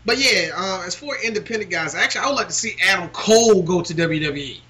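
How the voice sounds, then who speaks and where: A man's voice: high voice, lively intonation, quick pace, bright, forceful tone, slight background noise. A man chatting casually about wrestling as a podcast co-host, rambling with lots of fillers. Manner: rambling, many fillers, laughs often.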